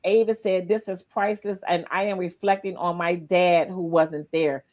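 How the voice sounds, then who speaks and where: A woman's voice: lowish voice, normal speed. Teary, chatty woman hosting a podcast. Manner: lively, emotional, chatty. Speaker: podcast host. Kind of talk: casual livestream podcast chat.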